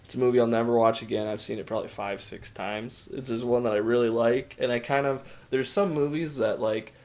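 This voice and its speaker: A man's voice: medium pitch, steady tone, fairly quick, a little mellow. A man co-hosting a podcast, chatting casually and enthusiastically about films and laughing often. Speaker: podcast co-host. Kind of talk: casual film review chat. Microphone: podcast microphone.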